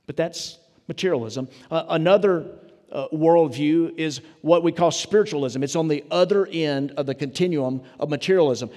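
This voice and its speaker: A man's voice: mid-range voice, darkish tone. A man, a pastor, preaching a sermon in a conversational, storytelling way, with asides to the congregation. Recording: long reverb of a large hall.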